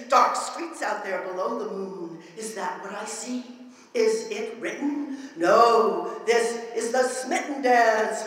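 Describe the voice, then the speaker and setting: A woman's voice: high voice, a bit bright. A woman poet giving a live performance of her work, chanting in rhythmic, incantatory repetitions. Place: bookstore anniversary festival, indoors. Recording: echoey hall recording from far off.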